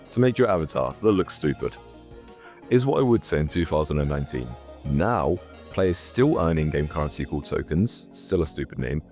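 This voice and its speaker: A man's voice: deep voice, a little mellow. A man hosting his own video, reading a scripted commentary with sarcastic, mock-serious asides. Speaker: YouTube host.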